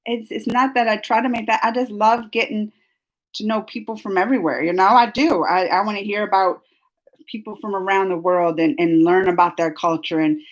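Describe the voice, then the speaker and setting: A woman's voice: mid-range voice, fairly even intonation, a little fast. A woman hosting a casual live stream on a computer microphone, rambling and chatty as she reads comments, laughing often and restarting her sentences. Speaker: live stream host reading chat comments.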